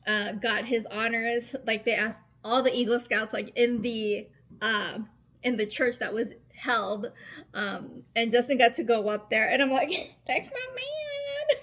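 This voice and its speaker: This thirty-something vlogger chats to the camera in a fairly high, slightly bright voice. She gushes and gets emotional, laughing a lot and leaning heavily on filler words.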